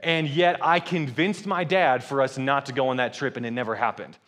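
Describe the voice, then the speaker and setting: A young man, a guest speaker, telling a funny personal story in a sermon with lively swings from loud to hushed. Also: medium pitch, moderate pace. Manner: animated comic storytelling with voice swings.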